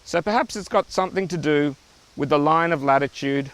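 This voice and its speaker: A man's voice: fairly high pitch, a little fast, a bit bright, smooth. A man with an Australian accent, an expedition artist musing aloud to the camera by a river outdoors. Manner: thoughtful, speculative.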